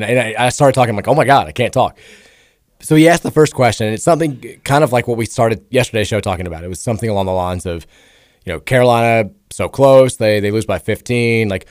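Male sports radio host, hoarse and raspy with a cracking voice, rambling and self-deprecating, dry close studio mic. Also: medium pitch, darkish tone, no echo. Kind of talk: casual sports radio chat.

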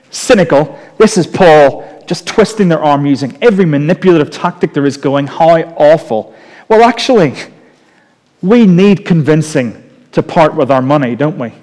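Male preacher, high voice, joking and chatty sermon delivery, long reverb of a big church hall. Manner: lively, joking, conversational preaching.

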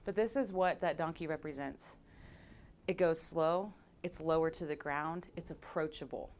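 A woman pastor preaching a conversational sermon to her congregation, animated and playful, acting out scenes with sound effects. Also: sits low, normal speed, slight background noise. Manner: conversational, direct address to congregation.

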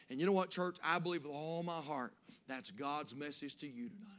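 A high-voiced man preaching with fervor. He drops to near-whispers, then builds to loud, rhythmic repeated calls from the pulpit. His delivery is emotional and sermon-like. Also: animated, normal speed. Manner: repetitive, rhythmic exhortation. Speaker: pastor.

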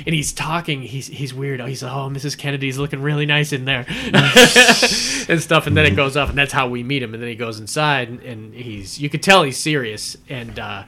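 A man's voice: medium pitch, normal speed, hardly any pauses, sharp tone. A man in casual podcast chat, retelling film scenes in a rambling way with many fillers and laughs.

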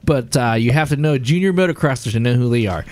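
A man's voice: medium pitch, fast talker, darkish tone. A man co-hosting a podcast, reading a listener email and rambling with asides and laughs. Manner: rambling, self-interrupting, laughs at own jokes. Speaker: podcast co-host. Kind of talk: casual chat, reading listener emails aloud.

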